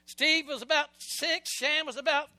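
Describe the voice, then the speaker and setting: A middle-aged male preacher with a strikingly high, bright, forceful voice. He delivers an impassioned sermon, dropping soft and then surging loud, and leads the congregation in call-and-response. The sound is dry and close, with no room echo. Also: fairly even intonation, measured pace. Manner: swings between soft passages and loud surges. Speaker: pastor.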